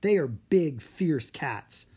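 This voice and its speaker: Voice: medium pitch, slow pace, husky, exaggerated voice. A reader voicing a shy but brave young village boy in a storybook audiobook. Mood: earnest. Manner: earnest, rising with excitement. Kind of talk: audiobook character reading.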